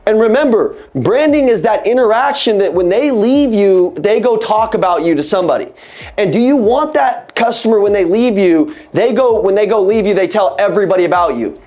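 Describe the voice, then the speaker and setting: A fired-up man coaching salespeople over a video call, with a voice pitched well above most men's. He hammers his points home and says them again, chatting casually and calling everyone "guys" and "bro". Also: a little fast. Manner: animated, emphatic, repeats key phrases. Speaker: sales trainer. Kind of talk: energetic sales training talk on a video call.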